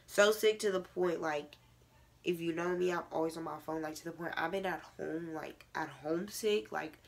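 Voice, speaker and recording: A woman's voice: low-pitched, moderate pace, creaky, a little hiss or hum. A teenage girl vlogging a casual advice rant to camera, with a stuffy, congested nose, filling every phrase with "like". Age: teens.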